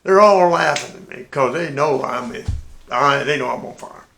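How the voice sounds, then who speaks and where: Gravelly older man telling a story. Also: mid-range voice, normal speed, roomy sound, soft background music. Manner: folksy, animated storytelling with restarts. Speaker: navy veteran storyteller. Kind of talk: casual spoken anecdote.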